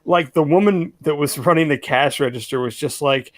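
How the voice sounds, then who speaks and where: A man's voice: fairly high pitch, normal speed, no echo. A man co-hosting a casual podcast chat, telling a story in a rambling way, full of "like"s. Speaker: podcast co-host.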